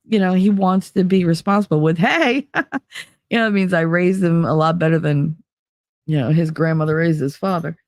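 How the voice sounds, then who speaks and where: A woman's voice: fairly low pitch, no room sound, studio quality. Blunt, profane woman streamer. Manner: blunt and profane, laughs often. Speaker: live streamer. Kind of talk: casual live-stream chat.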